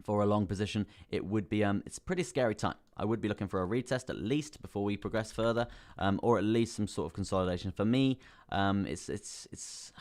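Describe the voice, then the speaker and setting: A man hosting a live crypto stream, talking casually through chart analysis, repeating phrases and calling viewers bro. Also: deep voice. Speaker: crypto livestream host.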